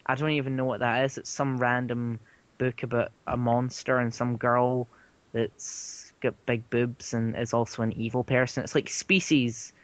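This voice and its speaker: A man chatting casually about manga and anime with friends, now and then breaking into loud mock voices. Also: level tone, normal speed, no echo. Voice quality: slips into loud high-pitched mock voices. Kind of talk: casual chat.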